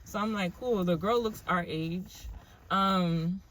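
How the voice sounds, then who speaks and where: A woman's voice: lowish voice, slow, slight background noise. Chatty young woman telling a story. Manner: chatty, animated, filler-heavy. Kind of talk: casual storytime.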